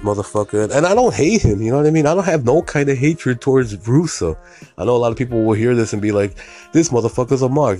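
A man's voice: lowish voice, warm tone. A man hosting his own show, ranting in a casual, profane, rambling way and mocking others in a put-on voice. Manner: profane, rambling, repeats "you know what I mean". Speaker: podcast host. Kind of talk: casual solo rant.

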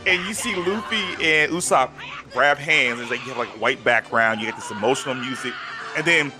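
A man's voice: medium pitch, brisk, music in the background. A man co-hosting a podcast, chatting casually and retelling stories with lots of fillers, choked up and near tears. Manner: animated storytelling with many fillers. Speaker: podcast co-host. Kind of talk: casual chat.

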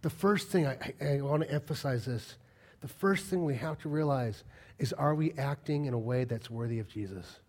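A man preaching a sermon as a pastor, firing rhetorical questions and swinging between loud emphatic lines and quiet asides. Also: mid-range voice, normal speed.

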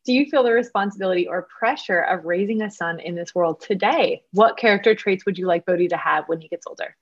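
A woman's voice: on the low side, fast talker, highs cut off. A woman hosting an interview, enthusiastic and encouraging as she asks questions. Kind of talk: casual interview chat.

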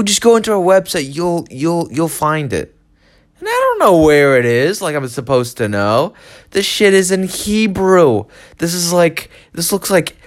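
A young podcast host rambles through an irritable, sarcastic solo rant on his own show. His voice is fairly high in pitch and fairly bright.

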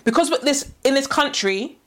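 A woman co-hosting a podcast, talking in an animated, slangy, emphatic way. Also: high voice, moderate pace. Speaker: podcast co-host. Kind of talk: casual chat.

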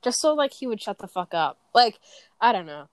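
A woman's voice: medium pitch, sing-song, fairly quick, no echo. Rambling, swearing teenage girl. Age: teens. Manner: rambling, profane, with frequent fillers and restarts. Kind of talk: casual chat. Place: bedroom.

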